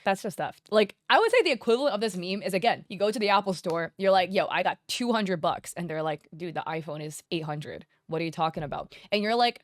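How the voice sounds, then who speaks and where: Young woman streamer ranting casually, lowish voice, dry close mic. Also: no room sound. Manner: animated, conversational, quoting others in quick voices. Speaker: commentary streamer. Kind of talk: casual commentary on online drama.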